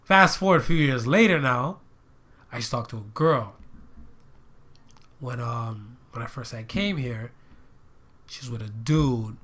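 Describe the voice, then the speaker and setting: A man's voice: mid-range voice, bright, forceful tone. A man co-hosting a casual podcast, telling a long story and padding it with "and stuff, whatever". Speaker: podcast co-host. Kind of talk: casual chat.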